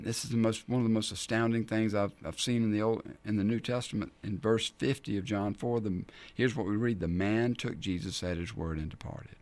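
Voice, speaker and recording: A man hosting a Bible teaching show, telling scripture stories in an animated way and acting out the people in them. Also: fairly low pitch, dry recording. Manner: animated, acts out the scripture scenes in character voices. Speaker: men's ministry teacher and show host.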